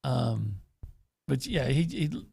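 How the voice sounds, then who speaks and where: Man, sports radio columnist, husky, gravelly, blunt folksy manner, studio. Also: mid-range voice, animated, takes it slowly, dark tone. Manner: blunt, folksy, restarts often. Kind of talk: sports talk radio chat.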